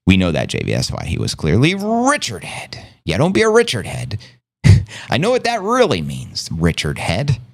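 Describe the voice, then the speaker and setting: A lowish male voice with vocal fry and huge pitch swings moves at a normal speed. He's the host of a casual livestream on a streaming setup, loud-mouthed and playful, swearing heavily and using his own made-up slang.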